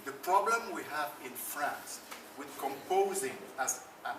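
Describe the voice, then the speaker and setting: A man's voice: a little high, animated, a little slow. A man, an actor on a debate panel, arguing in an impassioned way and repeating phrases for emphasis. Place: conference room at a film festival. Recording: roomy, distant mic, noisy ambience.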